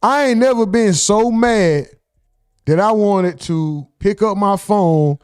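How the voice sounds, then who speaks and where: A man with a fairly high voice riffs through casual reaction commentary, animated and mocking. The sound is close and dry, with no room around it. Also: slow pace, clear, resonant tone, no room sound. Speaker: host.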